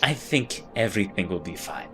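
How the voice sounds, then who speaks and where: A man's voice: on the low side, animated, a little fast, fairly bright tone, soft background music. A man voicing a sultry, soothing woman who brings dreams, cooing and calling people honey.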